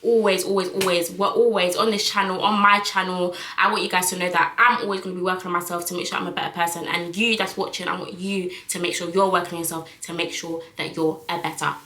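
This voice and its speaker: A woman's voice: on the low side, little pitch movement, quick pace, hardly any pauses, pushed and bright, echoey room, rough recording. A young woman, chatting frankly to camera in a casual vlog, full of fillers. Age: young adult. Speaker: vlogger.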